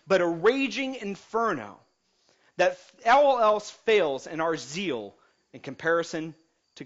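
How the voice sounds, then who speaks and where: A pastor with a high voice delivers a lively sermon in church, rising loud and then dropping soft, and trades quips with the congregation. The recording sounds dull and lo-fi. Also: male voice. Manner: energetic preaching with swings between loud and soft; jokes with the congregation.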